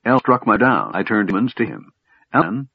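A man's voice: lowish voice, very animated, fairly quick, creaky, breathy edge, no echo, muffled recording, exaggerated voice. A man reading an audiobook voices a proud young elven princess who demands and cries out. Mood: defiant. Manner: demanding, crying out.

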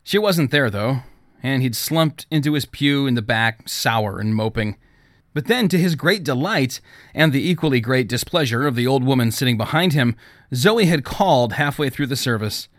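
A man reading an audiobook in scripted narration, with a steady, even storytelling manner on a close studio mic. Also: mid-range voice, moderate pace, no echo.

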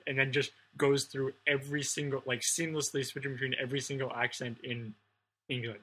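A man's voice: medium pitch, steady tone, brisk, pushed and bright, breathy edge, rough recording. A man co-hosting a casual podcast chat, telling rambling stories full of fillers. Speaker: podcast co-host.

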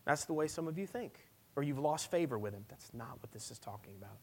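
A male pastor preaching a sermon at a church service, swinging from loud, emphatic lines to hushed, near-whispered ones. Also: medium pitch, animated, fast, breathy edge.

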